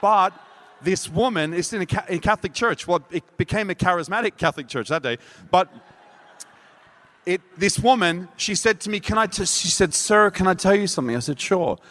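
A man preaching a sermon, telling a story in a lively way, acting out what people said and laughing at himself. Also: high-pitched, a little fast. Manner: animated, acts out quotes, laughs at himself. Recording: long hall reverb.

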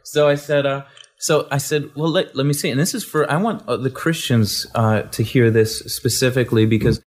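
A man, a guest, telling a faith testimony in an animated, storytelling way, repeating words and acting out the people he quotes. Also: medium pitch, moderate pace.

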